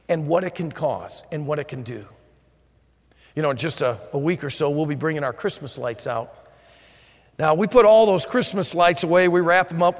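Male pastor preaching, lively swinging delivery, drops quiet for emphasis. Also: high-pitched, big-room sound. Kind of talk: sermon.

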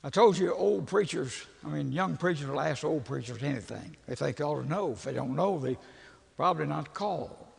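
Raspy older preacher, lively. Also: male voice, fairly high pitch, moderate pace. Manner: folksy, animated, chuckling storyteller. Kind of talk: humorous storytelling sermon. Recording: long reverb of a large hall.

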